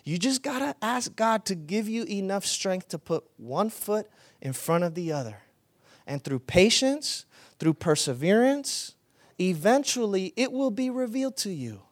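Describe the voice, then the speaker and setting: High-voiced man preaching a sermon. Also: unhurried, no room sound. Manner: animated storytelling, rising to loud excited retelling. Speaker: pastor.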